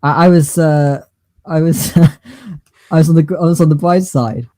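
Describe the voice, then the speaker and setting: A man co-hosting a podcast, telling stories in a halting, rambling way with many fillers and restarts. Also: on the high side, steady tone, warm tone, no room sound. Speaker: podcast co-host. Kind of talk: casual chat.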